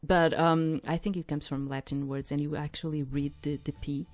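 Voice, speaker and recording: Low-voiced woman rambling over a game. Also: level tone, moderate pace, darkish tone, no room sound. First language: not English. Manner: chatty, rambling asides, thinking aloud. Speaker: game streamer. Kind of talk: reading a visual novel aloud with side commentary.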